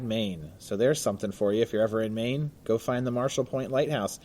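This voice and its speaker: A man of ordinary pitch talks in a loose, chatty way on a casual podcast. He jokes, laughs easily and leans on "uh" as he wanders through his points. The delivery is that of an unscripted co-host. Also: normal speed, hardly any pauses, darkish tone. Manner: chatty and jokey, laughs often, frequent "uh" fillers. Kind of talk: casual chat. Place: Baltimore.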